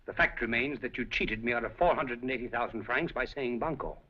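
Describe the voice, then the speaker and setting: An actor playing a suave, scheming café proprietor in a 1930s film, speaking in an urbane, deliberate way. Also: male voice, medium pitch, slightly rough, lightly acted. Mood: sly. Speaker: café owner. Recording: dull 1930s film soundtrack.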